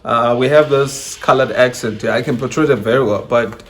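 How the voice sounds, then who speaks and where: A young man with a Nigerian accent, talking casually as an interview guest, laid-back and quick to laugh, dropping slang into his speech. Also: medium pitch, slight background noise.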